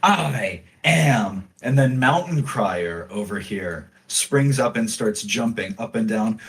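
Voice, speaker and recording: Man, game master, unhurried narration, mid-pitched voice, casual tabletop game. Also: animated.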